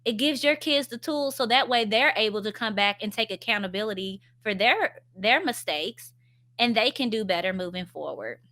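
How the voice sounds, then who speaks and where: A woman's voice: mid-range voice, expressive, moderate pace, sharp tone. A woman in her thirties, a stay-at-home mom, chatting candidly in a casual vlog about parenting, with frequent filler words.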